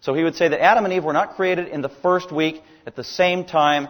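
A man's voice: a little high, fairly even intonation, brisk, fairly bright tone, in a large hall. A man preaching a sermon with emphatic delivery, his voice climbing on key words.

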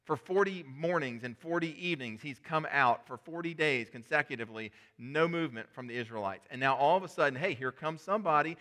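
A man's voice: fairly high pitch, expressive, a little fast, few pauses, sharp tone. A male pastor preaching a sermon, retelling a story in a conversational way with rhetorical questions.

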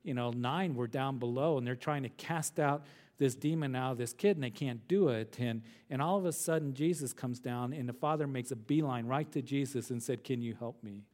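Earnest pastor teaching verse by verse. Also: male voice, mid-range voice, normal speed, a little mellow. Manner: earnest, asks the listeners tag questions, repeats words when restarting; reads scripture passages aloud.

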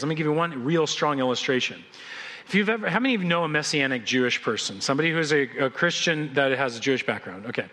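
High, bright-voiced pastor, animated sermon storyteller, trips over and restarts words. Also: male voice, brisk.

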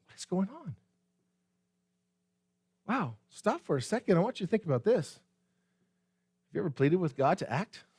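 A man's voice: on the high side, big pitch swings, normal speed, long pauses, a little mellow, slightly rough, dry recording. A man preaching a sermon as pastor, speaking straight to the congregation with rhetorical questions and repeated phrases. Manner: addresses the congregation directly.

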